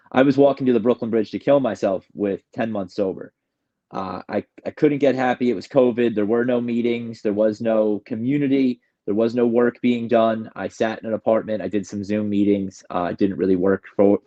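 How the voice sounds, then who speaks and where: On a lo-fi recording, a guest from New York tells the story of his recovery in a fairly low, warm voice. He speaks candidly and emotionally, rambling and frequently starting sentences over.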